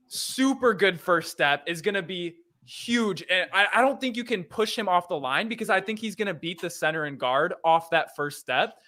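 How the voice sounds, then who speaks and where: A man's voice: a little high, sharp tone. A man talking as a guest on a casual sports show, chatty and teasing, laughing often.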